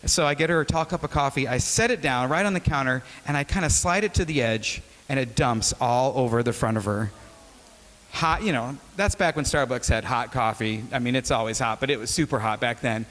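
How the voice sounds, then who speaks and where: Guest preacher, man in his forties, from Wisconsin, relaxed joking storyteller, mid-pitched voice, long hall reverb. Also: a little fast. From Wisconsin, USA. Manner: joking, conversational, animated storyteller. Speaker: guest speaker. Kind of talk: casual storytelling sermon. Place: chapel hall.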